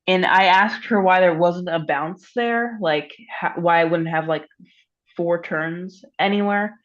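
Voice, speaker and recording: A woman's voice: fairly low pitch, a little slow, lo-fi sound. A teenage girl asking her tutor about a math problem over a call, congested and hesitant, full of "like". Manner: hesitant, many "like" fillers. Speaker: student. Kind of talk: casual tutoring session.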